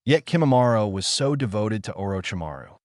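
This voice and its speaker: A man voicing a calm young female sand fighter in a monotone. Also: on the low side, a little fast, no echo, studio quality, close to an everyday voice. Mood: earnest.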